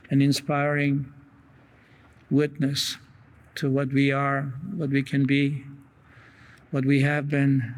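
A man preaching a sermon in an earnest way, reading long quotations aloud with pauses and small restarts. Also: mid-range voice.

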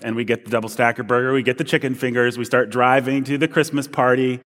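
A man preaching as a pastor, telling a funny personal story in a relaxed, self-deprecating way. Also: mid-range voice, quick pace. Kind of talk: sermon with a humorous personal story. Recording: long reverb of a large room.

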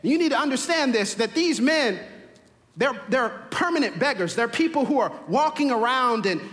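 High-voiced, bright preaching man. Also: expressive, moderate pace, big-room sound. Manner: preaching with rising, emphatic repetition. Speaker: pastor. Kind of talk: sermon. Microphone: camera mic, livestream to viewers.

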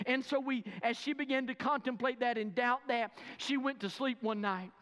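A man's voice: extremely high pitch, steady tone, normal speed, hardly any pauses, a bit bright. A man preaching a sermon, emphatic and speaking directly to his listeners. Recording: long reverb of a large hall.

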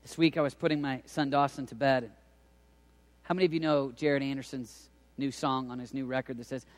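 A man in his thirties preaching a sermon, swinging between hushed near-whispers and loud shouted cries. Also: medium pitch, fairly quick. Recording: long hall reverb.

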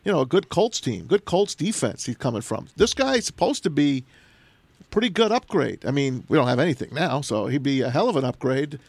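Man, sports talk host, fairly high voice, dry close sound, animated banter. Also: a little fast, no echo. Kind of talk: casual sports chat.

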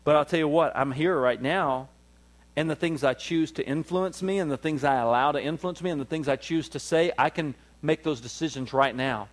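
A male pastor, preaching a sermon, swinging from loud, high peaks down to low, quiet stretches and calling for "amen" from the room. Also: normal speed. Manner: call-and-response preaching, rises to loud peaks then drops low.

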